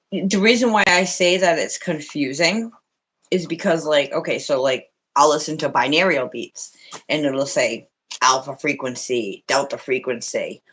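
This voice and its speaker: A man's voice: a little high, fairly bright tone, breathy edge. A man asking questions on a live stream, deferential and hesitant. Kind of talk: casual Q&A. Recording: dull lo-fi stream audio.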